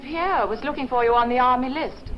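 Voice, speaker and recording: An actress playing a flirtatious, bored society wife with an English accent, coy and teasing, in a 1960s TV drama. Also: female voice, high-pitched, a little fast, close to an everyday voice. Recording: dull lo-fi 1960s TV soundtrack with music.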